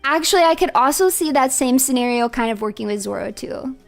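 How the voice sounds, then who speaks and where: Female streamer, casual chat, high voice, playful, laughs a lot, faint background music. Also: brisk, vocal fry. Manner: animated, playful, laughs often. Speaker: livestreamer.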